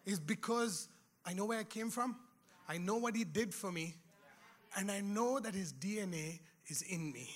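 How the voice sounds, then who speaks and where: A man's voice: sits high, moderate pace. A man preaching a sermon in a church, in a conversational way with laughing asides, rising to emphatic exhortation. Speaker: pastor.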